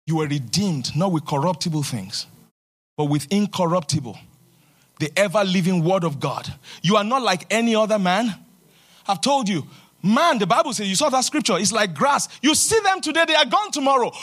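A man preaching a sermon as pastor, repeating his points emphatically with frequent hallelujahs and a sing-song cadence that sometimes drops to a hushed rebuke. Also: high-pitched, expressive, fairly quick.

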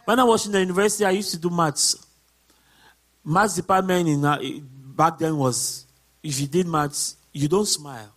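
A man, a deacon, preaching a sermon with emphatic, repetitive lines that build up to shouts. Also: a little high, moderate pace.

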